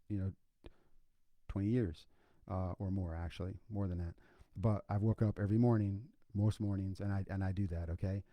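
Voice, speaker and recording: A man's voice: lowish voice, dark tone, dry recording. A middle-aged man hosting a faith podcast, telling a personal story in a casual, folksy way with lots of asides. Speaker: podcast host.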